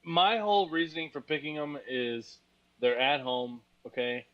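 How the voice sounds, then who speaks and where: A man's voice: a little high, expressive, moderate pace. A man co-hosting a podcast, tired and rambling about football with crude jokes and lots of fillers. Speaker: podcast co-host. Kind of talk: casual sports chat. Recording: slightly dull lo-fi sound.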